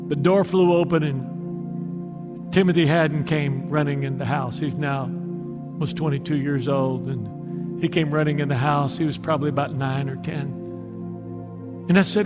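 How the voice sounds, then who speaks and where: Male pastor, high voice, dramatic sermon delivery, long hall reverb with music behind. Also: steady tone. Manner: dramatic, slowing for emphasis.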